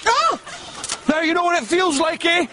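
A giggly Scottish stoner. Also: male voice, very high voice, big pitch swings, normal speed. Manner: rambling, giggling, slangy. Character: giggly rambling young male stoner. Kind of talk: television sketch comedy. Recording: loud background noise.

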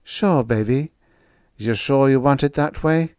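A man doing a soft, teasing young woman. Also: medium pitch, measured pace, clean tone, dry recording, voice pushed up, lightly acted. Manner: soft, coaxing.

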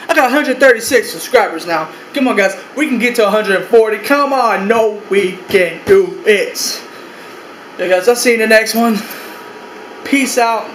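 A man's voice: sits high, brisk, a bit bright, roomy sound, slight background noise, low-quality recording. A young man vlogging casually from his bedroom, rambling, swearing a lot and repeating himself. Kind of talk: casual room-tour vlog.

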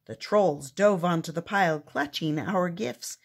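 Grandmother storyteller, husky, expressive read-aloud. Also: on the low side, unhurried. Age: older. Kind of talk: reading a picture book aloud.

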